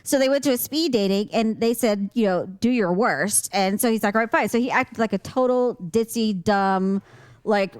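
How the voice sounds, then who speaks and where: A woman co-hosting a podcast in casual chat, an animated storyteller who acts out quotes and laughs often. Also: medium pitch, normal speed, clean tone, no room sound. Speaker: podcast co-host.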